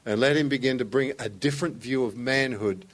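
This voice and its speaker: A man's voice: medium pitch, brisk. A man preaching a sermon, telling a personal story with rising intensity. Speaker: pastor.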